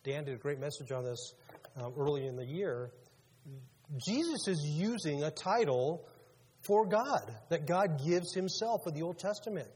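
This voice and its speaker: A man's voice: a little high, measured pace, darkish tone, slightly rough. A male pastor preaching a sermon in a conversational way, asking his congregation questions as he goes. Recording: long reverb of a large hall.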